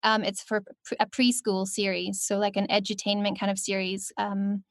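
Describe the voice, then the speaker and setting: A woman's voice: mid-range voice, level tone, moderate pace, no room sound. Young scottish woman chatting, lots of likes and ums, giggly, dry close sound. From Scotland. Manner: chatty, giggly, full of fillers. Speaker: guest. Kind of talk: casual interview chat.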